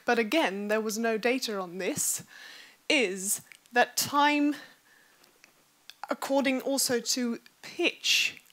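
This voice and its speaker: A woman's voice: a little high, a bit bright. A woman researcher giving a conference presentation, explaining her study with frequent fillers. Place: lecture hall.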